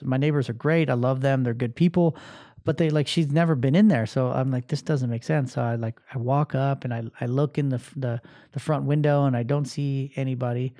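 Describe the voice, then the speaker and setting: Casual male storyteller, thirties, warm and mellow, dry close sound. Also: medium pitch, dry recording. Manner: animated, acts out voices, many fillers. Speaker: podcast host telling a story.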